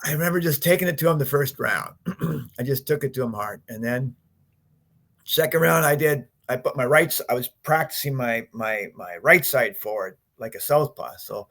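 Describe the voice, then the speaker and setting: A man in his fifties, a podcast guest, telling his story in a lively way, acting out what he and others said, with frequent laughs. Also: mid-range voice, moderate pace. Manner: animated storyteller, acts out his own quotes, laughs often. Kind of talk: storytelling interview.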